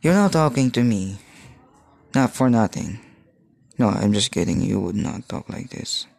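A man's voice: lowish voice, expressive, creaky, darkish tone, dry recording. Hesitant, rambling man with a dry sound. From Philippines. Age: 30s. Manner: halting, searching for words, many restarts. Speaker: podcast host. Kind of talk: rambling solo podcast monologue.

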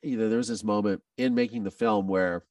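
A man speaking as a podcast guest, telling an emotional personal story in an animated way, with many restarts and quoted dialogue. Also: on the low side, fairly quick, dry recording, studio quality, recorded from a distance.

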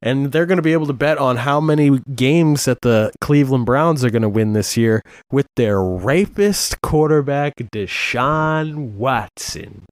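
A man's voice: medium pitch, moderate pace, few pauses, darkish tone, dry recording. A man hosting a podcast in casual chat, rambling and swearing, with many fillers. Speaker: podcast host.

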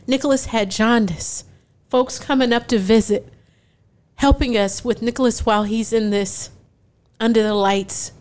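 A woman's voice: a little high, a little slow. A woman in her forties tells a personal testimony to an audience. She acts out the dialogue and often laughs between lines. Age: 40s. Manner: animated storytelling, acting out dialogue.

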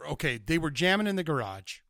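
A man's voice: fairly high pitch, sing-song, brisk, a bit bright, no room sound, studio quality. A man co-hosting a podcast in casual chat, rambling as he retells scenes. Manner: rambling, acts out quotes of others. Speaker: podcast co-host.

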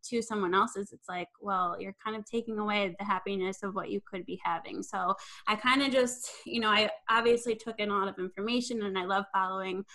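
A woman's voice: medium pitch, fairly even intonation, a little fast, hardly any pauses, pushed and bright, low-quality recording. Upbeat young woman fitness coach. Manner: upbeat, encouraging, frequent "um" and "you know". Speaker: guest, online fitness coach. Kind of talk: conversational interview.

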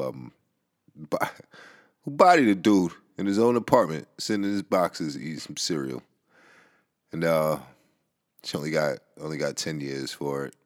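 A man hosting a casual podcast monologue. He talks in a loose, rambling way, with many fillers, restarts and profanity, and gets heated at times. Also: rumbling low. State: relaxed from smoking. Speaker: podcast host. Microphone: home podcast mic.

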